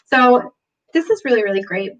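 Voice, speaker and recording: A woman giving a casual tarot reading, bubbly and gushing, chatty with lots of fillers, clearing her throat from allergies. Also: a little high, expressive, normal speed, a bit bright, recorded from a distance, lo-fi sound, faint music behind. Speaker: tarot reader. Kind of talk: casual spiritual reading to camera.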